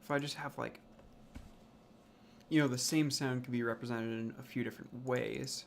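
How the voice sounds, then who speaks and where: A language creator works through his project out loud, muttering, cursing, and repeating made-up words. His mid-range voice is steady with vocal fry, moving at a moderate pace, and a light hiss or hum is audible.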